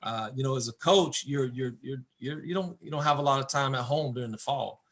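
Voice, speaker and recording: Halting, earnest man in conversation. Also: mid-range voice, fairly bright tone. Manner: halting, repeats words while searching for thoughts. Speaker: football coach, interview guest. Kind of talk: candid conversation about marriage.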